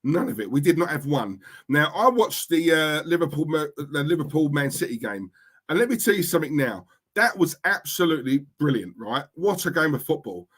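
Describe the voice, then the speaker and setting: Reading his chat aloud on a laid-back livestream, a young Cockney speaker from East London talks a little fast in a fairly high, sing-song voice that's somewhat bright and breathy. He's blunt and keeps repeating himself.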